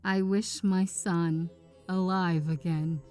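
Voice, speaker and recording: A woman's voice: fairly even intonation, a little mellow, smooth, soft background music. A woman playing a shaken, fearful old man. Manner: low, slow and trembling.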